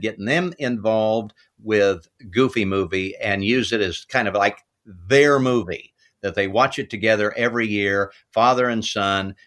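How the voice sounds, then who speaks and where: A middle-aged man, a voice actor as an interview guest, telling relaxed, unhurried anecdotes about his work. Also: medium pitch. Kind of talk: interview storytelling.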